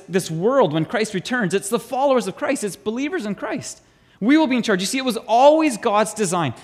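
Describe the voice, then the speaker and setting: Pastor, male, high animated voice; chatty sermon delivery that quizzes the room. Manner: chatty, asks the congregation questions, repeats words. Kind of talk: conversational sermon.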